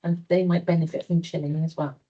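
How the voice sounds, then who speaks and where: Welsh woman councillor, lowish flat voice, suggesting ideas. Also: fast, lo-fi sound. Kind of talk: council meeting discussion.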